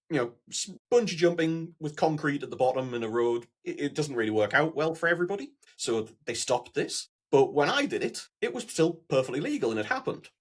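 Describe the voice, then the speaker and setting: A man telling a story as a guest on a podcast, with dry, deadpan humor. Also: a little high, slightly rough. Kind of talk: casual chat, storytelling.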